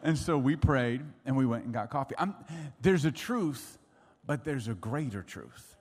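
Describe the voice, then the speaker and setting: A middle-aged male pastor delivers a lively sermon, his pitch swinging widely as he acts out stories. His voice carries a long reverb tail from a large church hall. His pitch sits mid-range for a man. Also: unhurried. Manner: animated storytelling, acts out voices and laughs.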